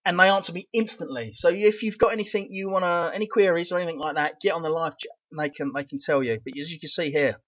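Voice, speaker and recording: A man's voice: fairly high pitch, steady tone, fast, a bit bright, dry recording. A man with a Cockney accent and a rattly voice, hosting a casual vlog with an enthusiastic, rambling manner. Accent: London Cockney. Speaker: crypto channel host. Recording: dull, lo-fi dry sound.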